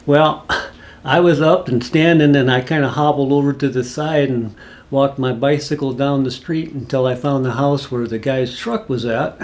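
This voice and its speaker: A man's voice: mid-range voice, moderate pace, a little mellow. A man casually telling a rambling, folksy personal story, full of asides. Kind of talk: casual spoken anecdote.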